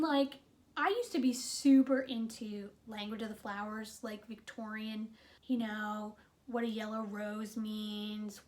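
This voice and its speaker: Retelling a film's plot, a woman with a slightly high voice gives a casual, talkative review full of animated, exasperated asides and plenty of "like."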